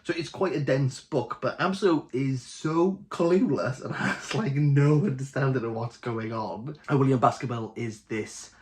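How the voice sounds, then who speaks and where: A man's voice: mid-range voice, a little slow, few pauses. A young man with a Welsh Valleys accent, chatting casually and jokily to camera as host of a book channel. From Wales. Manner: chatty, jokey, animated.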